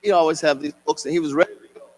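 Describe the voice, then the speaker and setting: An older man, an author and singer, telling a childhood story at a live reading in an expressive, sing-song way. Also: a little high, rapid-fire. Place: concert hall at a public reading.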